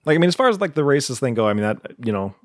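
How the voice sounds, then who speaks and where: A man's voice: medium pitch, sing-song, no room sound, clean studio sound. A man co-hosting a podcast, casually recapping a movie plot in a laid-back way. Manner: laid-back, retells scenes with quick put-on quotes. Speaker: podcast co-host. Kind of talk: casual movie review chat.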